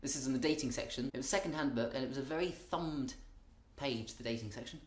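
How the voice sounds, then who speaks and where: A British man talks through a comic monologue in a wry, meandering way. He keeps stopping mid-thought to restart, and his voice sits at an ordinary middle pitch. The room around him rings with noticeable echo. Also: fast. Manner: wry, rambling, self-interrupting. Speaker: comedian.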